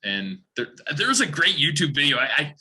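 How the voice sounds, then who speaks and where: A young man from Saskatchewan, chatting casually as a podcast guest and telling rambling, animated stories. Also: a little high, fairly quick, husky. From Saskatchewan, Canada. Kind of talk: casual chat.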